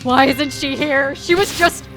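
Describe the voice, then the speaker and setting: A woman voicing a terrified male merchant in a visual novel, stammering and pleading in a shrill voice. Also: unhurried, over music.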